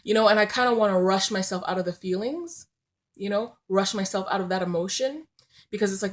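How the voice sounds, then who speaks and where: A woman's voice: mid-range voice, fairly quick. A woman hosting her own podcast, talking through her feelings in a reflective, conversational way, often checking in with "right?" and "you know". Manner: conversational, frequent fillers and rhetorical "right?". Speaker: podcast host. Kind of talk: reflective solo talk.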